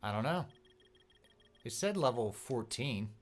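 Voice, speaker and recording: A man playing a video game and commenting casually, excitable and swearing at what happens on screen. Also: medium pitch, unhurried, a little hiss or hum.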